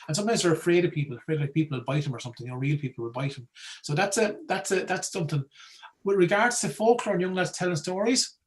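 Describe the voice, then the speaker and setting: An Irish man with a Wexford accent tells stories in a rush of words, animated and chatty. He keeps checking in with his listener. His voice sits a touch high and races along. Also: fast talker, poor audio. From Ireland. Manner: animated, chatty, peppered with "right?". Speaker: folklore collector, guest speaker. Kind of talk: casual talk.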